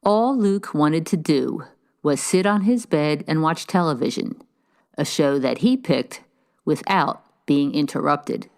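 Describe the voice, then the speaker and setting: Low-voiced woman narrating a story. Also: lively intonation, a little slow. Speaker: host narrator. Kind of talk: scripted narration.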